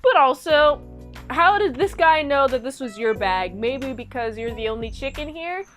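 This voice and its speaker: Brief: casual woman reviewer, high voice, rambly and slangy, faint music underneath. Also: lively intonation, moderate pace, a bit bright. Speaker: show reviewer. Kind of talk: casual episode recap.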